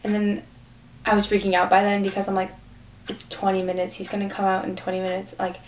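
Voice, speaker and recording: A woman's voice: medium pitch, completely flat delivery, fast talker. A teenage girl telling a rambling, gushing story for her vlog, full of "like" fillers. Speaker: vlogger. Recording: distant mic with faint room noise.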